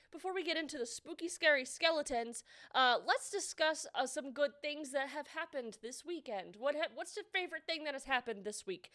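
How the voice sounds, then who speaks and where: A bubbly woman streamer with a high, slightly nasal voice and a bright, sharp edge, chatting casually with her viewers. She greets each chatter by name in easy, playful back-and-forth. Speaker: livestreamer. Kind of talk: casual livestream chat.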